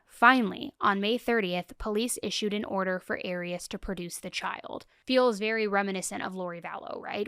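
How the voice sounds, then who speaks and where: A young woman talks through a true crime case like she is chatting with a friend, emphatic and openly indignant. Her voice is smooth and clean. The sound is dry and close to the mic. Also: medium pitch, fairly bright tone, no echo. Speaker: true crime podcast host. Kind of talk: casual true crime commentary.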